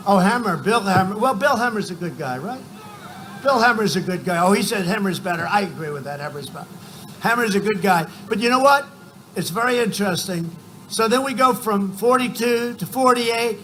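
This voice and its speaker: An older man speaking at a large outdoor rally, boastful and rambling. He shouts out rising numbers, and his voice sits high and sounds bright and forceful. Faint crowd ambience hangs behind him. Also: normal speed, a little hiss or hum, low-quality recording. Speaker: political speaker at a campaign rally. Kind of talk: rally speech.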